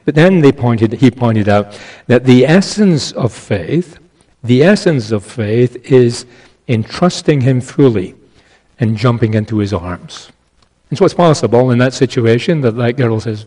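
A man preaching an expository sermon in a measured, emphatic way, with small restarts. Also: medium pitch, lively intonation, warm tone, poor audio.

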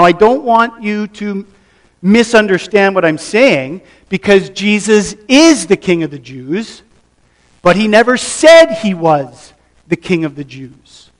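A man preaching a sermon, reading scripture aloud and then explaining it with measured emphasis. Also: high-pitched, distant mic. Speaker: pastor.

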